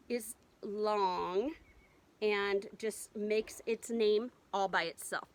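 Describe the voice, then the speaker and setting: A woman's voice: on the high side, a bit bright, slight background noise. A woman teaching a remote reading lesson to first graders, patient and encouraging as she sounds out words.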